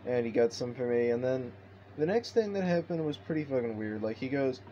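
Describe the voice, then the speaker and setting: A man's voice: medium pitch, animated, fairly quick, warm tone, muffled recording, a little hiss or hum. Profane man rambling through a story. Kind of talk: storytime vlog.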